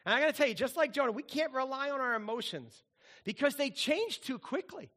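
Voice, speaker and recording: Lively, bright-voiced man preaching. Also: extremely high pitch, a little fast. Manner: animated, playful storytelling with sung bits. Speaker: pastor. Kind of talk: sermon.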